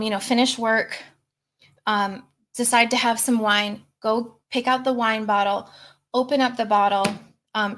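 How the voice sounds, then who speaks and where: A woman's voice: on the high side, a bit bright. A middle-aged woman coaching on a live stream, chatting casually and reading out viewer comments.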